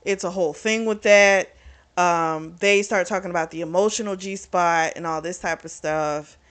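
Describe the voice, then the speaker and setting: A woman's voice: lowish voice, fairly even intonation, moderate pace, a bit bright, smooth. A woman casually recapping a novel's plot for her book channel, talking loosely with plenty of fillers. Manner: chatty, retells scenes with lots of fillers. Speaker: book reviewer.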